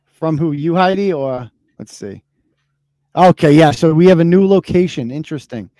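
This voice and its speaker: A man in his thirties hosts a live show, his voice pitched a little higher than most men's. He rants casually, swearing freely and mocking people with heavy sarcasm. The sound is close and dry, with no room around it. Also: moderate pace, dark tone, no room sound. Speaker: podcast host.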